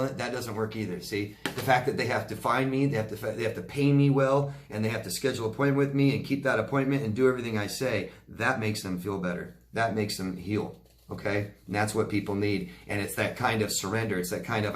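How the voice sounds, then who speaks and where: A man with a somewhat low voice talks straight to his viewers, answering their questions one by one. His manner is direct and reassuring, and he keeps checking in with a quick "okay?". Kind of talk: casual Q&A advice talk.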